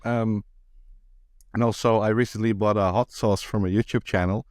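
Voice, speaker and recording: A podcast co-host chats casually in a fairly low, darkish voice, speaking at normal speed with fairly even intonation. He sounds hesitant and fills his talk with plenty of ums and uhs. The studio-quality recording has no room sound.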